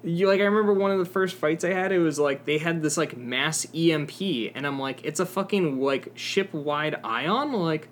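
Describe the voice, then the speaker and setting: A young man co-hosting a podcast rambles casually about a video game, his slightly high voice moving at a moderate pace with hardly any pauses. He uses lots of fillers and swears, and there's slight background noise.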